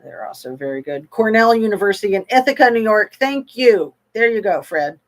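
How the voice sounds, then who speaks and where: A woman hosting a livestream, chatting loosely about a true crime case and reading out viewer comments, with many pauses and fillers. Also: mid-range voice, lively intonation. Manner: slow, meandering, with frequent pauses and fillers; reads viewer comments aloud and answers them. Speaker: livestream host.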